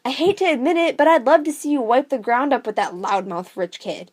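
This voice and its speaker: A woman's voice: sits high, a little fast, pitched above the performer's own voice. A woman reading a worried, stern father. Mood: concerned.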